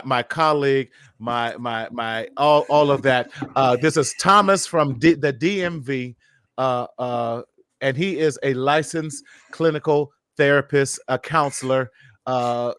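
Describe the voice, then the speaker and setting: A man hosts a casual live chat over a video call, talking in an animated way and laughing often. His voice sits at an everyday pitch. The sound is dry, with no room echo. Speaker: host.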